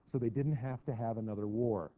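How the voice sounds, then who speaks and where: Speaking briskly in a mid-range voice, a middle-aged man gives a chatty history lesson, mimicking voices for the quotes. The classroom recording sounds dull and lo-fi.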